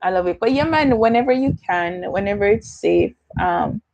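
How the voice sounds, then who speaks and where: Young Jamaican woman, livestream host, casual chatter with patois, mid pitch, dry close sound. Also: expressive, normal speed, creaky, a little mellow, no echo, dull audio. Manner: chatty, slips into patois, answers viewer comments. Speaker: YouTuber hosting a livestream Q&A.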